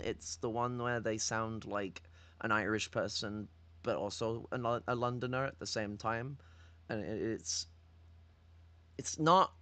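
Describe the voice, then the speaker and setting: Northern English male host, bright forceful tone, dry close sound, rambling sweary political rant. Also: medium pitch, no echo. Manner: profane, rambling, teasing. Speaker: livestream host. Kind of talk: political commentary livestream.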